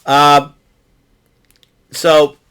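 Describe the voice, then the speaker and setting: Excitable rambling man recapping wrestling. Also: on the high side, very slow, clean tone. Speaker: podcast host recapping wrestling. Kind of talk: casual solo recap show.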